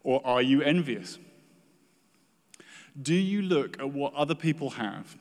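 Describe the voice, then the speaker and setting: A man's voice: medium pitch, unhurried, long pauses. A man preaching a sermon in an earnest way, acting out the complaints of the people he quotes. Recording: reverberant hall.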